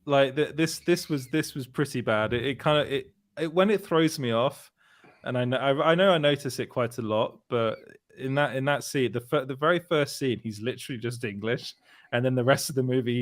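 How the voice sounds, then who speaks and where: A man's voice: medium pitch, normal speed. A man hosting a casual panel chat, laughing often and restarting his sentences. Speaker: show host.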